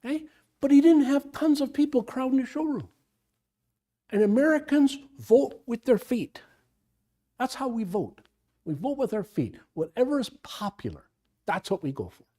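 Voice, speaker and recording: A man's voice: very high voice, sing-song, normal speed, dark tone. An older man, a pastor leading an informal Bible study, talking in a rambling, digressive way full of restarts.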